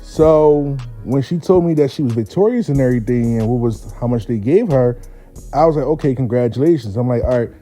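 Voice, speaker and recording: A man telling a funny personal story, profane and animated. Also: mid-range voice, brisk, faint music behind. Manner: profane, animated, laid-back. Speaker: storyteller host. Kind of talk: comic personal anecdote.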